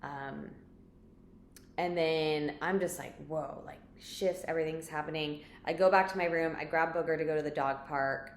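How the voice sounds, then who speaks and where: A woman's voice: low voice, fairly even intonation, moderate pace. A woman vlogger telling a story in a chatty, rambling way, full of filler words. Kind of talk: casual storytelling to camera. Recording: echoey room with faint background noise.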